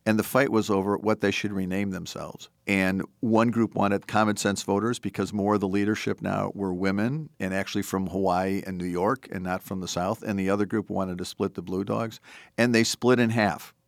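A man's voice: on the low side, steady tone, moderate pace, gravelly, no room sound, clean studio sound. A middle-aged man from Wisconsin, a former politician who now hosts a podcast, talking in an earnest, discursive interview manner and telling anecdotes. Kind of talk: conversational interview.

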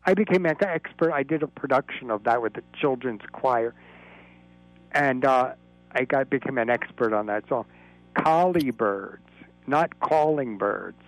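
A man's voice: medium pitch, normal speed, no room sound, low-quality recording. A man calling in to a radio talk show from Florida, explaining at length in a rambling, lecturing way. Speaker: caller. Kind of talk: call-in radio chat.

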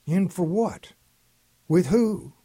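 A man voicing a patient, gently teasing older grandfather who talks in a folksy, coaxing way. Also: sits high, animated, slow pace, breathy edge, dry recording, voice pushed up, heavily acted. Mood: alarmed.

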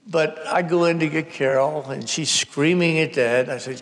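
A man's voice: a little high, moderate pace, hardly any pauses. A man in his sixties, a novelist, telling a wry, comic family story at a live public conversation. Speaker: novelist guest. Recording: reverberant hall at a live event.

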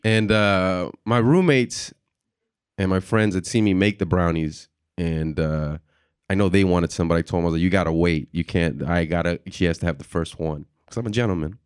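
A man's voice: low-pitched, moderate pace, clean tone, no echo, clean studio sound. A young man doing stand-up comedy, telling a long story and acting out the voices of the people in it. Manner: animated, acts out voices and reactions.

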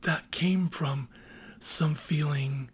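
A radio host reads a scripted introduction and then asks questions. The voice is strongly breathy and husky. The delivery is measured and thoughtful. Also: medium pitch, fairly even intonation.

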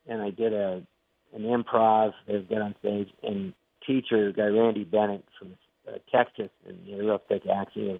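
A man's voice: fairly low pitch, fairly quick, creaky, no room sound. Older man on a tinny phone line. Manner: animated, acts out quotes and voices. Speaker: guest comedian. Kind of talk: interview storytelling.

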